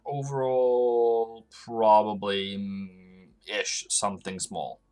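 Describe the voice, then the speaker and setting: Male streamer, low-ish voice, loose unscripted market commentary with clicking keys. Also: unhurried, fairly bright tone. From Norway. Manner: loose and rambling, talking to chat while working through charts. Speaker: forex trading livestream host.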